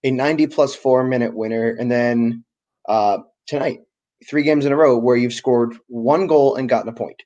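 A man co-hosting a casual soccer podcast. He talks with enthusiasm in long, rambling runs. His pitch sits in the middle for a man. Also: normal speed, dark tone, highs cut off. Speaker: podcast co-host.

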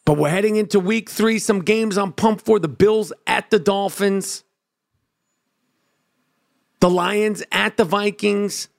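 Man, high-pitched, brash swaggering sports rant, profane. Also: fairly even intonation, slow pace, gravelly, pauses often. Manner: brash, swaggering trash talk. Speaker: sports commentator. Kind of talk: profane football opinion rant.

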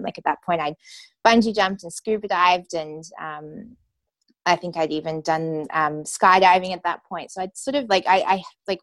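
Young woman, storytelling, lower-pitched voice, candid, chatty fillers, dry close recording. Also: no echo. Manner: candid, animated, many "like" fillers. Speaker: guest telling her story. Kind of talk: personal storytelling in conversation.

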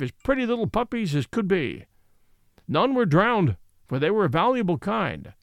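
Man voicing a fiery old horse, indignant and preachy, fairly high voice, dry close sound. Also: no room sound. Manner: indignant, moralizing.

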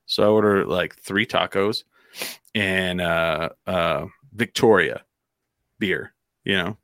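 A man's voice: sits low, fairly even intonation, slow pace, a bit bright, dry recording, studio quality. A man from New Mexico telling a long story in casual chat, rambling with fillers and acting out quotes.

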